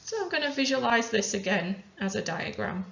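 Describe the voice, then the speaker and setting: A woman chemistry teacher calmly talking through worked examples step by step. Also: fairly high pitch, fairly quick, creaky. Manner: methodical, talks through each step aloud. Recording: roomy, dull lo-fi sound.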